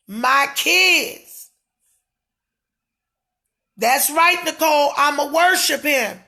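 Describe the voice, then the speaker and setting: A middle-aged woman in a fiery live-stream rant with a preacher's cadence, swinging between shouting and dropping her voice low. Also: gravelly. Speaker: prophetess.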